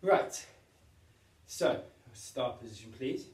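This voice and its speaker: The PE teacher stays upbeat and encouraging as he counts down and demonstrates moves for young children in a lesson from home. His medium-pitched voice is expressive, slow and somewhat mellow. Being well back from the camera makes him sound distant, with an echo from the room.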